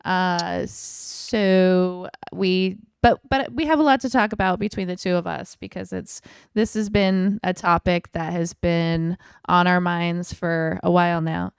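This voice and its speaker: A woman's voice: fairly low pitch, fairly even intonation, unhurried, creaky, clear, resonant tone, no room sound, studio quality. A woman co-hosting a podcast, chatting casually, laughing often and trailing off into fillers. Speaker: podcast co-host.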